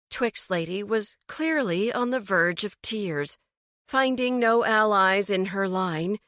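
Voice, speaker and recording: A woman narrating a cozy mystery audiobook in a measured, storytelling manner. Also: medium pitch, fairly bright tone, smooth, dry recording, studio quality.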